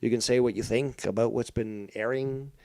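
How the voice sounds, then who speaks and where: A man's voice: medium pitch, fairly even intonation, moderate pace, mellow, no echo. A man hosting his own live stream, rambling in a profane, mocking way with many fillers and restarts. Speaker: livestream host. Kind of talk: casual live-stream rant.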